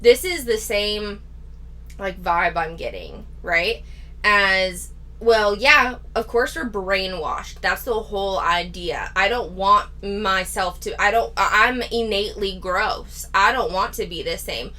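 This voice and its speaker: Slow-talking bright-voiced woman host. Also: mid-range voice. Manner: candid, critical and sarcastic. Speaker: commentary channel host. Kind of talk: reaction commentary.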